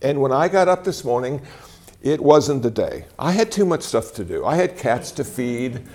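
Older guy in his 60s giving a talk, gravelly voice, bouncy up and down delivery, dry jokes. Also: mid-range voice, moderate pace. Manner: animated storytelling with wry humor. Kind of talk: conversational talk to a live audience. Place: talk venue before an audience.

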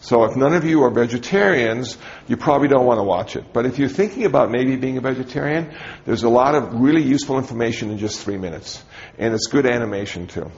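A man's voice: medium pitch, fast, highs cut off. A man, a Buddhist teacher, giving a dharma talk to a group in a conversational, humorous storytelling manner.

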